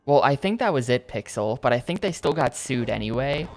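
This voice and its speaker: A man chatting casually over his gameplay stream, circling back and hedging with "like" and "I think" as he goes. His voice sits at a medium pitch, with soft game music running in the background. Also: animated, a little fast. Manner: rambling, hedging with lots of "like".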